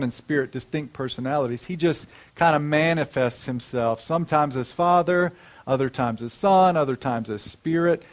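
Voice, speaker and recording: A man preaching a sermon, asking the congregation questions and slowing down to stress key words. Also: a little high.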